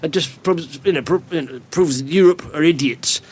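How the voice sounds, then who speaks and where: A man hosting a casual podcast, joking and animated, with frequent restarts and laughs. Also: fairly high pitch, normal speed, breathy edge. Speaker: podcast host. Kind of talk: casual banter.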